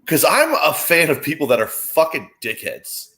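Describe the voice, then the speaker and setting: A man's voice: a little high, normal speed. A man, a guest on a sports watchalong, chatting casually and swearing freely as he reacts to the game. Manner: animated, profane, exclaims at the action.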